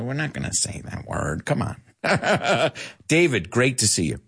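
A man's voice: mid-range voice, unhurried, gravelly, breathy edge. A man teaching English in a live lesson, reading out viewer comments and correcting them with a laugh. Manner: animated, laughing, switching between English and Spanish to explain.

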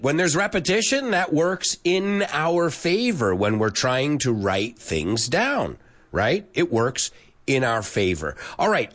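Chatty male teacher, lively voice. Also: on the high side. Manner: chatty, laughs often, switches into Spanish. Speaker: English teacher for Spanish speakers. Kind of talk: casual online lesson.

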